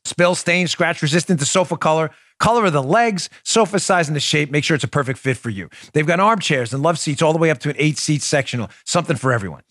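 A man's voice: a little high, lively intonation, quick pace, few pauses, a bit bright, no room sound, clean studio sound. A man hosting a political talk show, talking in an emphatic, punchy, conversational way and reading ads. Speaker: host.

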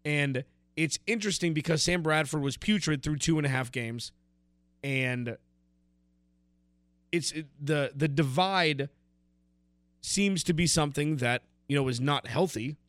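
A man's voice: fairly high pitch, unhurried, pauses often, a bit bright, no echo. An American man hosting a sports podcast in a loose, emphatic, casual way. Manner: loose, emphatic, talks over his co-host. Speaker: podcast host.

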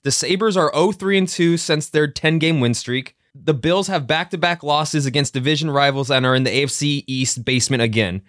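A man's voice: on the high side, moderate pace, hardly any pauses, fairly bright tone, dry recording, clean studio sound. A young man co-hosting a casual sports chat, talking in a laid-back, wry way. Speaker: podcast co-host.

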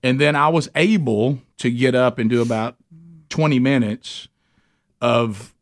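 A man, hosting a radio talk show, telling a story loudly and doing the voices of the people in it. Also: mid-range voice, a little slow. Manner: loud and animated, acts out voices of people in his story.

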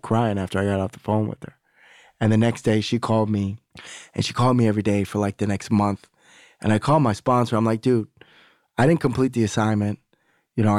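A man's voice: fairly low pitch, a little mellow, no echo, studio quality. A man guest on a podcast, telling a candid, rambling story with profanity and acting out the other people's lines. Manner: candid, rambling, profane, acts out quoted dialogue. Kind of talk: casual storytelling conversation.

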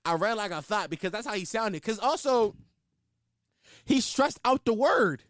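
A man's voice: sits high, moderate pace, dry recording, clean studio sound. A young man hosting a podcast, riffing in loose, profane, laughing comic commentary. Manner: animated, profane, laughing riffs. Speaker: podcast host. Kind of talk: casual comedic commentary.

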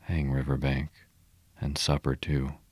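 A man's voice: a bass voice, monotone, a little slow, darkish tone, breathy edge, no echo, heavily acted. A man doing a hearty, kindly water rat. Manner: hearty, cheerful, commanding.

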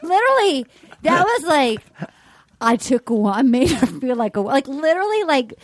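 A woman podcast host in casual chat, excitedly rambling through a recap and acting out quotes. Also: high voice, moderate pace, no room sound.

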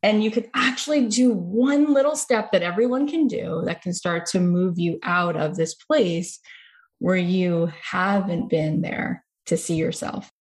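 Woman host, lowish voice, gushing and chatty, tells stories. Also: a little slow. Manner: effusive, storytelling. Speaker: podcast host. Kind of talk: conversational interview.

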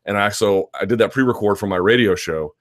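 A man's voice: lowish voice, a little fast, dry recording, clean studio sound. A man hosting a live chat stream, answering viewer questions in a loose, rambling conversational way with restarts and asides.

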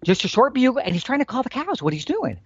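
A man explaining elk calling tactics in a folksy, animated storytelling manner. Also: extremely high pitch, fast talker, breathy edge, no echo, highs cut off. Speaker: elk hunting instructor.

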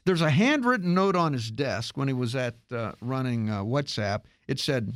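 Animated man hosting a tech radio show. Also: medium pitch, moderate pace, hardly any pauses, no echo, studio quality. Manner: animated storytelling with frequent restarts. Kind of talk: casual radio tech chat.

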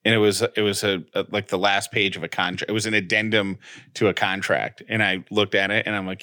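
A man's voice: on the low side, flat delivery, a little fast, sharp tone, no echo, clean studio sound. A man co-hosting a podcast in casual chat, wry and reassuring. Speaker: podcast co-host.

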